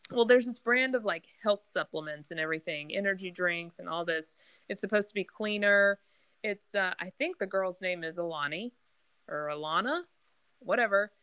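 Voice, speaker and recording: A woman's voice: lowish voice, moderate pace, fairly bright tone, clear, resonant tone, no room sound. A woman co-hosting a podcast from her home, chatting enthusiastically and telling a story with plenty of fillers. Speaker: podcast co-host. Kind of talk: casual chat. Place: at home near the kitchen.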